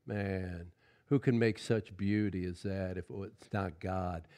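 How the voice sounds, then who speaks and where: A middle-aged man preaching a sermon as pastor, folksy and conversational, swinging from loud exclamations to quiet asides and often calling out "Amen?". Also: sits low, fairly even intonation, takes it slowly, clear, resonant tone. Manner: folksy preaching with frequent "Amen?" call-outs.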